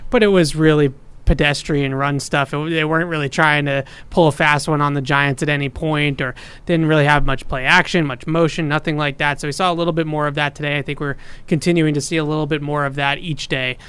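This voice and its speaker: Clear, slightly high-voiced football analyst. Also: male voice, little pitch movement, brisk, fairly bright tone. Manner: analytical, detailed breakdowns. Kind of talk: sports podcast chat.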